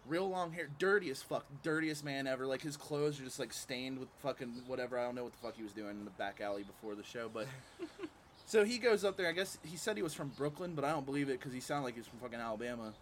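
A man telling a story in a casual podcast chat on a porch, animated and profane, often laughing as he talks. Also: mid-range voice, fast talker, a little hiss or hum. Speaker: podcast panelist and stand-up comic. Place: home porch, outdoors.

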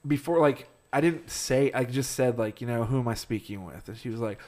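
A man's voice: mid-range voice, a little fast, a little mellow. Laid-back man telling a story. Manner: rambling storyteller, laughs often, swears. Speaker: podcast co-host. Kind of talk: casual chat.

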